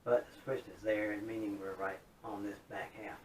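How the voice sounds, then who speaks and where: A man's voice: level tone, moderate pace. A man in a casual, folksy demo talk, chatty and upbeat as he shows off his modified guitar. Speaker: guitar hobbyist showing his modded guitar. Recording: roomy, distant mic with faint rumble.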